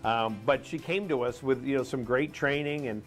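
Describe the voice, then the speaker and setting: A man's voice: mid-range voice, normal speed, soft background music. A middle-aged man from Rhode Island hosting a live morning show, chatting casually and rambling with lots of fillers.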